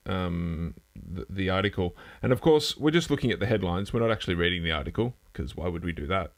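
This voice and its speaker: A man hosting a casual live news stream from a home setup, rambling and self-deprecating, trailing off and restarting as he goes. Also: fairly low pitch. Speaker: host.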